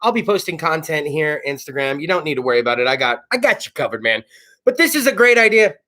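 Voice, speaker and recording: A man from South Texas hosting a casual talk show, loud, excitable and profane, often bursting into shouts while plugging sponsors. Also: a little high, fast talker.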